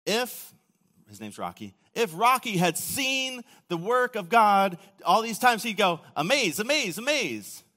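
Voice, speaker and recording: A man preaching a sermon, telling the story casually with acted quotes, often dropping to a quiet, low voice. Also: sing-song, unhurried. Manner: casual storytelling with acted quotes and sudden drops to near-whisper. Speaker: pastor. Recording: long hall reverb.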